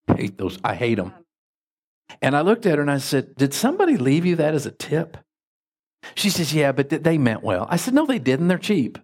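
A man preaching as a pastor, telling folksy stories with lively jumps in his voice. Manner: folksy, animated anecdotes with sudden pitch jumps. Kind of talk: sermon with storytelling.

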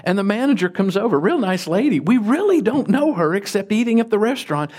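A man preaching as a pastor, telling folksy stories with lively jumps in his voice. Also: brisk. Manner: folksy, animated anecdotes with sudden pitch jumps. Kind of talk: sermon with storytelling.

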